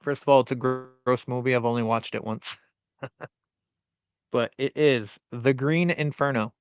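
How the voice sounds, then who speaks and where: A man's voice: medium pitch, fairly even intonation, moderate pace, clear, resonant tone, no echo, highs cut off. Man reading out movie quotes. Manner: reads movie quotes aloud, teasing. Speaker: quiz host. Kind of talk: casual live-stream chat.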